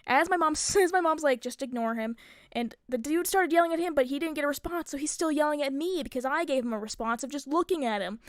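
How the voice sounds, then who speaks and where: Young woman streamer, high-ish voice, chatty and foul-mouthed, lots of filler words. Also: quick pace, no echo, clean studio sound. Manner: rambling, profane, many filler likes. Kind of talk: casual storytelling.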